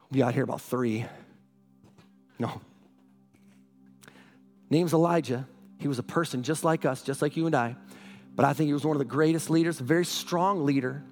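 A middle-aged male pastor preaching a sermon, energetic and often asking the congregation questions. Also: on the high side, normal speed, pauses often, faint music behind.

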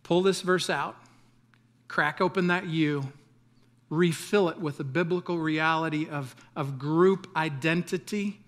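A man's voice: a little high, a little slow, a bit bright. Man preaching a casual sermon. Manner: conversational preaching with humor and asides. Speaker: pastor.

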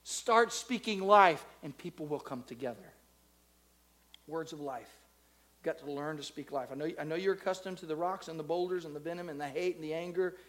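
High-voiced preacher swinging loud to soft. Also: male voice, fast, few pauses. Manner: swings between loud, stretched-out preaching and soft, close talk; leads the congregation in call-and-response. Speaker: pastor. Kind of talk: sermon. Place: church in front of a live congregation.

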